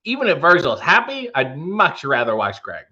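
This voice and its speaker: A man's voice: fairly high pitch, huge pitch swings, moderate pace, bright, forceful tone, lo-fi sound. A man hosting a livestream in casual chat, reading out viewer comments with rambling, wry asides. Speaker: livestream host.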